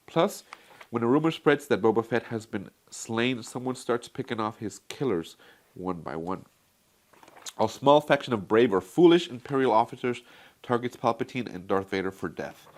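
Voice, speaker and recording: In a casual product review vlog, a man with a medium-pitched, expressive voice talks at a moderate pace. He chats enthusiastically about a comic book collection, addressing his viewers directly.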